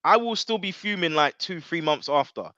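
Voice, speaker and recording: A young man on a casual football podcast, talking in an excitable, emphatic way. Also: fairly high pitch, normal speed, dry recording, muffled recording. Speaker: podcast co-host.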